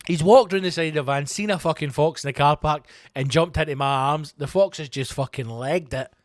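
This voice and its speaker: A man, a comedian hosting his own show, telling a story in a profane, animated, self-mocking way and acting out the quotes. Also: on the high side, a little fast, dry recording, clean studio sound. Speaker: comedian host. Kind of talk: comic storytelling monologue.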